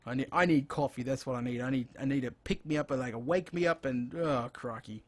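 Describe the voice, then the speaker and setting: A man's voice: mid-range voice, fairly quick. An Australian man hosting a casual gaming live stream, chatty and rambling, with frequent exclamations as he plays. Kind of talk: casual live-stream chat while playing.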